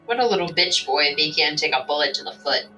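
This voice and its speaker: A woman playing a tabletop game, giggly and blunt, sometimes shouting. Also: sits low, lively intonation, fast talker, recorded from a distance, faint music behind, low-quality recording. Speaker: player.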